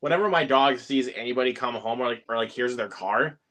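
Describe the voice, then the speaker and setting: A man's voice: mid-range voice, brisk, crowd noise. A man chatting casually on a stream as co-host, answering with easy laughs. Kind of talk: casual chat.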